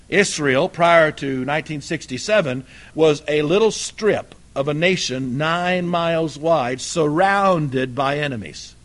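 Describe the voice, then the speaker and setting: A man preaching a fiery sermon, swinging between loud emphatic bursts and low, quiet asides.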